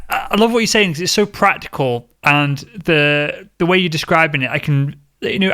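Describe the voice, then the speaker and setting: A man's voice: on the high side, a bit bright. A young man hosting a sales podcast, enthusiastically reacting and asking long, rambling questions. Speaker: podcast host. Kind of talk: podcast interview.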